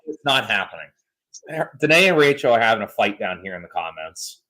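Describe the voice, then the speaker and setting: A man hosting a podcast in casual chat, joking and animated as he tells stories. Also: on the low side, fairly quick. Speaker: podcast host.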